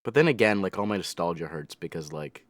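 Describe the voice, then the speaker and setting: A man's voice: low-pitched, expressive, brisk, no echo, clean studio sound. Rambling man reacting to anime. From United States. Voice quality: rambling, joking, full of fillers and self-corrections. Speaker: reaction video host. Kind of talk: casual rambling reaction commentary.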